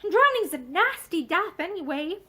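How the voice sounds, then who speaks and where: A woman reading as a gentle, sensible young woman. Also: extremely high pitch, big pitch swings, normal speed, heavily acted. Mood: soothing. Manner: soothing, matter-of-fact.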